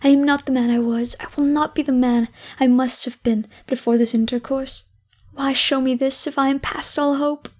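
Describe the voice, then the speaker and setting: A woman's voice: high-pitched, steady tone, normal speed, darkish tone. A woman voicing an overjoyed, repentant old miser in an audiobook, talking in fervent, breathless exclamations. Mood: pleading. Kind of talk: audiobook character reading.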